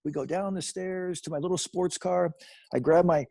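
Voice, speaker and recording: Fifties male guest, video call, a bit higher-pitched and husky, animated storyteller who repeats himself for emphasis. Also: normal speed. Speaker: guest in recovery. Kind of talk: personal storytelling.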